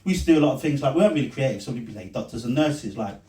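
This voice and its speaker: A man's voice: medium pitch, lively intonation, racing, mellow. A man doing a rambling, self-mocking stand-up set at a small comedy night, breaking into laughing asides. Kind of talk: stand-up set and vlog commentary. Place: small pub comedy room. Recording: echoey room recorded from a distance.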